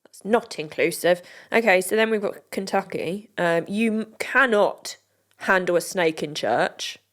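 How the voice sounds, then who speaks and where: A woman's voice: fairly low pitch, a little slow, fairly bright tone. A British woman co-hosting a podcast, reading out items in a casual, joking chat. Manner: chatty, reads out items and jokes along. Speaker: podcast co-host.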